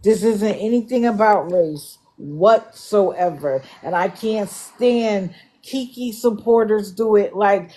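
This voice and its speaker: A woman's voice: medium pitch, slow, warm tone. A woman hosting a live stream, talking bluntly and with exasperation to her viewers. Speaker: livestream host. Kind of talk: casual commentary. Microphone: live stream setup.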